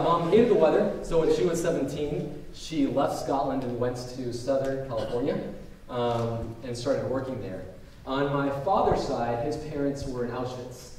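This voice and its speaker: A man's voice: medium pitch, darkish tone, slight background noise. A man in his twenties from Ecuador, giving a conversational public lecture full of ums and uhs. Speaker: guest speaker. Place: large university auditorium. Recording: echoey auditorium from far off.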